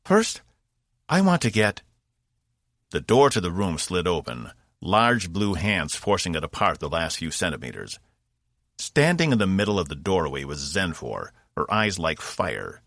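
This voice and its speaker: A male audiobook narrator with a low voice tells the story in a measured, expressive way. It is scripted narration, recorded cleanly in a studio with no room sound.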